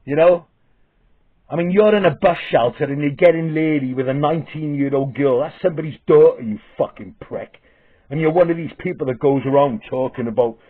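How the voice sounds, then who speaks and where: Husky man ranting with lots of swearing. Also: a little high. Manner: swearing, heated, halting restarts. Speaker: vlogger. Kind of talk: angry profane rant. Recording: tinny phone-like audio.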